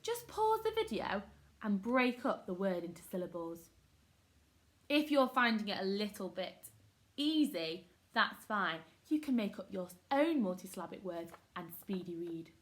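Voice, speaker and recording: A woman's voice: medium pitch, very animated, unhurried. A woman teaching a phonics lesson to young children, upbeat and encouraging, sounding words out syllable by syllable. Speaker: primary school teacher.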